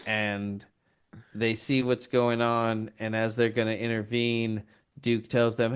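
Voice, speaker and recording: A podcast co-host takes his time narrating a movie, cursing casually and performing the characters' lines with gusto. His voice sits on the low side and sounds smooth.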